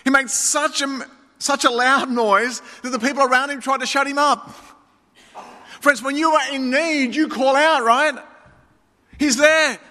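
A man delivers an emphatic sermon in a very high, bright voice. He addresses the congregation as friends. A long reverb trails every phrase in the hall. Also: steady tone, a little slow. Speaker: pastor.

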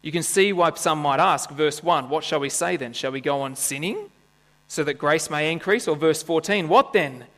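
A man's voice: a little high, moderate pace, fairly bright tone. Male pastor preaching in a reverberant church. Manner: conversational, asks the congregation questions; playful asides and jokes. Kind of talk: sermon. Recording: church hall with long reverb and mains hum.

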